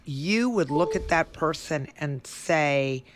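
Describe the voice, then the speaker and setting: A woman co-hosting a casual chat, playful and quick to laugh, reading out quiz questions to her friend. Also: low-pitched, animated. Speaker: co-host.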